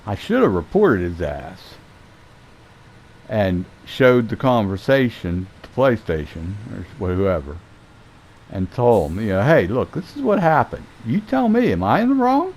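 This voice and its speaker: A man's voice: fairly low pitch, measured pace. Guy ranting about his gaming night, cusses a lot, voice swings up and down all over. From Southern United States. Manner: animated, swears freely, acts out quoted exchanges. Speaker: gaming streamer. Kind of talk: rambling storytelling rant.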